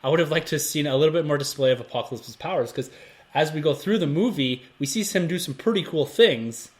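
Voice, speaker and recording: A man with a slightly high voice talks at a quick pace as a podcast host. He leads a casual movie review chat, steering the conversation and asking his co-hosts questions.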